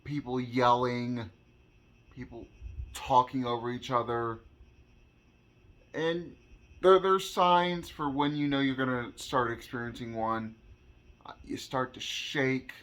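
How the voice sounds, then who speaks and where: Slow, halting man explaining earnestly. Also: mid-range voice, fairly even intonation, fairly bright tone. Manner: slow, halting, repeats words while searching for phrasing; earnest, speaks from own experience. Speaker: vlogger. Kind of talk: personal explainer monologue.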